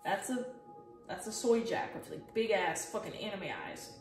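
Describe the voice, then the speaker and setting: A woman's voice: medium pitch, moderate pace, a little mellow, far from the mic. Rambling, profane young woman, echoey room. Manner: rambling, profane and self-mocking. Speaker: artist showing her sketchbook. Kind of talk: casual chat. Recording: echoey and from off-mic, with music. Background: music playing.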